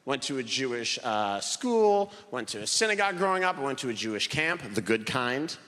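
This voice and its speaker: Young man, stand-up comic, lively pitch, live hall reverb, audible room noise. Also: fairly quick. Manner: animated storytelling, acts out quoted voices. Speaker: stand-up comedian. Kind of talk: stand-up routine. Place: theater stage with live audience.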